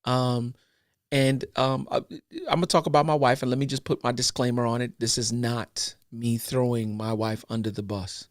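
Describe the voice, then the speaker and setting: A podcast co-host shares a personal story in casual, earnest chat sprinkled with easy slang. His mid-range voice moves at normal speed with fairly even intonation, captured clean and dry in a studio.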